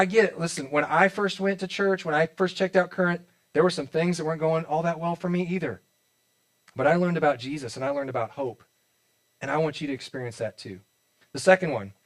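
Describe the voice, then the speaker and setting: A Midwestern American man in his forties preaching in a church auditorium, his voice sitting a bit high for a man. He talks like he is chatting with friends, joking and acting out little quotes, and often restarts his sentences. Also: a bit bright. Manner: conversational and joking, with many restarts and acted-out quotes. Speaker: pastor. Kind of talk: sermon.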